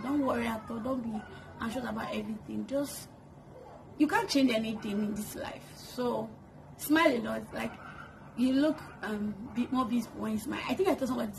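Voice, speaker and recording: Chatty woman with a gravelly edge. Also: on the high side. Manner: chatty, laughs often, answers questions to camera. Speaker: vlogger. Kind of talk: casual get-to-know-me chat. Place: at home. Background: kids making noise.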